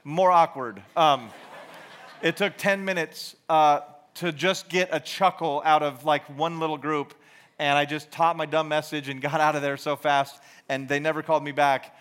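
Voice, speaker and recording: A man's voice: on the high side, steady tone, normal speed, fairly bright tone, smooth. A man in his forties from Georgia giving a casual, rambling sermon to a youth group, full of self-deprecating stories, fillers and restarts. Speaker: youth ministry speaker.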